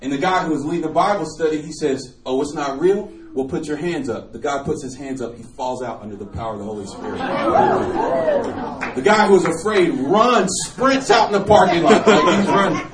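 A male preacher giving a sermon testimony, animated storytelling and laughing often, sometimes bursting into shouts. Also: on the high side, a little fast, crowd noise. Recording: echoey room, from far off.

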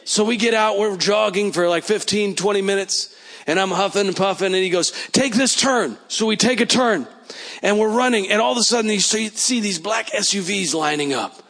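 A man preaching a sermon testimony, telling a story with animated delivery, repeating words and acting out quotes. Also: sits high, normal speed. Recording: long reverb of a large hall.

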